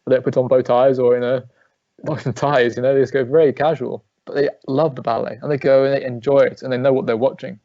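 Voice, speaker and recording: A man's voice: mid-range voice, flat delivery, fast talker, mellow, no echo. English guy in his 30s chatting away in an interview, lots of restarts, a bit muffled and dry. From England. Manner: chatty storyteller, frequent restarts, laughs often. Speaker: guest, ballet dancer. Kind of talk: remote interview conversation.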